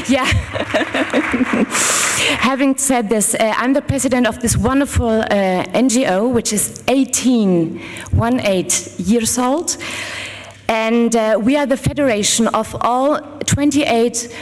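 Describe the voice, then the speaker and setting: A German-accented woman addresses a conference, her fairly high voice ringing through a big hall with a long echo. She is chatty and personable, laughing now and then and pausing to find her English words. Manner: chatty and warm with the audience, laughs easily, searches for words. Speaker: conference panel speaker, lawyer. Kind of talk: public talk at a forum.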